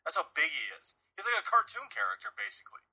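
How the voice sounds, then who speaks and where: A man with a bright, edgy voice and a husky grain, hosting a loose podcast conversation. He rambles, gets worked up, and laughs through his stories. His voice sits a little high. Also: fast, low-quality recording. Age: adult, married. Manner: rambling, animated, laughs while talking. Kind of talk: casual chat.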